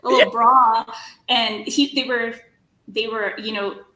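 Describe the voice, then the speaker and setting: A woman's voice: on the high side, steady tone, measured pace, bright, forceful tone. A woman author as a guest on a live chat, telling a story in a laughing, self-deprecating, casual way. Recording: echoey room with faint noise.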